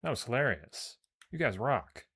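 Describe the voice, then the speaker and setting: A man's voice: medium pitch, very animated, moderate pace, a bit bright, breathy edge. A man streaming a space game, chatting casually, joking and swearing to himself, and reading story text aloud. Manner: joking, profane, talks to himself.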